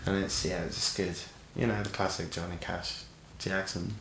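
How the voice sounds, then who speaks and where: A man with a very low voice chats casually and eagerly about music, now and then letting a swear word slip. The room is echoey, and faint background noise sits under his voice. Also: level tone, normal speed, fairly bright tone. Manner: chatty, enthusiastic, swears casually. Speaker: podcast co-host, guitarist and singer. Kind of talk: casual chat.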